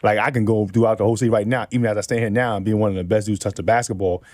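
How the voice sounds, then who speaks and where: A middle-aged man from New City, telling animated stories in casual chat and acting out other people's lines with lots of laughter. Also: fairly low pitch, racing, dry recording, clean studio sound. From New York City. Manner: animated storyteller acting out quotes, laughs often. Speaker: podcast guest.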